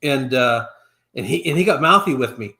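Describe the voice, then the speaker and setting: A middle-aged man co-hosting a live stream, telling animated anecdotes in a casual chat. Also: medium pitch, moderate pace. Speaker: co-host of a real estate live stream.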